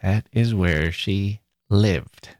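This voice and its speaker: A man's voice: lowish voice, very slow, a little mellow, no room sound, studio quality. Thoughtful man musing on a podcast. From Wisconsin, USA. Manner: thoughtful, wry, with small self-corrections. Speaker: podcast host. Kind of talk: reflective spoken essay.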